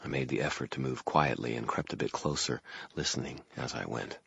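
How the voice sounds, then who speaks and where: A man's voice: a bass voice, brisk, creaky, fairly bright tone, husky, no room sound. A man reading a first-person audiobook in a wry, dry manner. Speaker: audiobook narrator. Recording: muffled lo-fi recording.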